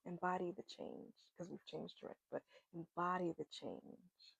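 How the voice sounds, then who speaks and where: A woman doing an oracle card reading, giving gentle, earnest encouragement that repeats its key words. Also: fairly low pitch, steady tone, normal speed, creaky, husky, no echo, low-quality recording. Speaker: spiritual card reader.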